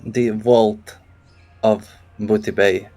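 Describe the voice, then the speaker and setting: A man's voice: fairly low pitch, level tone, very slow, warm tone. A man playing a tabletop game, hesitant and stammering. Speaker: player.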